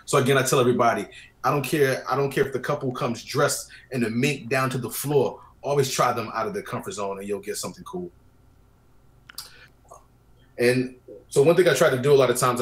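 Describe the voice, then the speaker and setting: A man's voice: medium pitch, brisk. A man talking casually as a guest about wedding photography, telling stories and acting out his clients' lines. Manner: chatty storyteller, acts out clients' lines. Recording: roomy echo.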